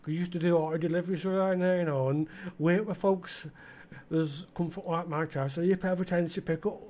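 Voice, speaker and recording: A middle-aged gaming channel host with an East Midlands English accent does casual let's-play commentary, rambling and chatting to the game's customers with lots of fillers as he plays. His voice is on the high side yet dark in tone, steady, and a little fast.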